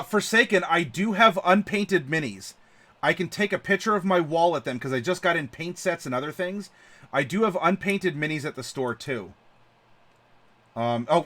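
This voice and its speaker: A man's voice: on the high side, bright, forceful tone. A man hosting a casual live-stream chat, talkative and laughing often, with plenty of fillers. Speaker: channel host.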